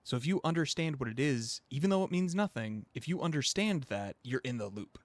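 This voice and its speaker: A man's voice: medium pitch, fairly quick, no echo. Guy on a podcast with friends, goes on and on explaining stuff, laughs a lot, dry close sound. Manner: animated, explains at length, laughs often. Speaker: podcast co-host. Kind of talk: casual chat among friends.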